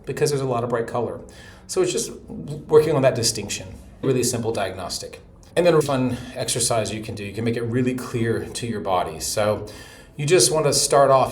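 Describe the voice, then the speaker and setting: A middle-aged man teaching a relaxed, chatty voice lesson, breaking into short sung demonstrations. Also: medium pitch. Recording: echoey room with faint noise.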